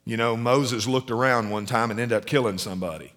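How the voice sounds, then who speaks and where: A man's voice: mid-range voice, brisk, fairly bright tone. A middle-aged man preaching a sermon in a conversational way, often asking the congregation questions. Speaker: pastor.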